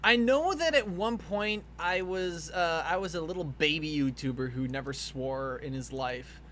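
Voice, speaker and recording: A man live-streaming as he draws, talking casually in a rambling, jokey way with sudden excited outbursts. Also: fairly high pitch, a little slow, a little hiss or hum. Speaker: streamer and artist. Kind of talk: casual live-stream chat while drawing.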